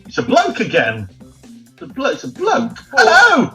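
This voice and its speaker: A man's voice: very high voice, normal speed, faint music behind, rough recording. A middle-aged man hosting a mock phone-in quiz with camp, teasing, theatrical banter. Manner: animated, teasing, exclaims loudly.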